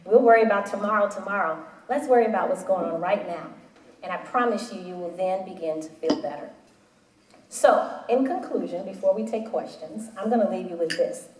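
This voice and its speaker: A woman in her forties giving a motivational talk to a live audience, telling animated stories and acting out the voices in them. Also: medium pitch, a little fast. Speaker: panel speaker. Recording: roomy hall audio from a distant mic.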